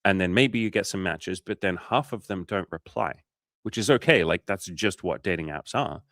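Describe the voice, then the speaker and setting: Aussie dating coach guy on a livestream, low voice, swears a lot, dry close sound. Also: moderate pace, fairly bright tone, dry recording. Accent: Australian. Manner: casual, swears often, acts out little scenes. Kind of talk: casual livestream coaching chat.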